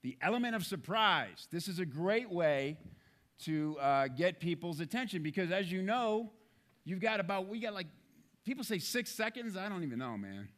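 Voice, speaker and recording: A middle-aged man giving a comedic keynote talk to an audience, jokey and animated, with many fillers. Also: high-pitched, moderate pace. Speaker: speaker.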